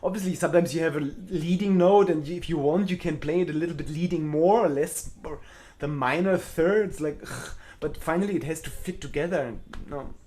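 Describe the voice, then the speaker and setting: Man, middle-aged, cellist, live Q&A, slightly high voice, candid, self-mocking. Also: a little fast, hardly any pauses, dark tone, slight background noise. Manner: candid, self-deprecating, blunt. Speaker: cellist answering viewer questions. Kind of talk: live online Q&A.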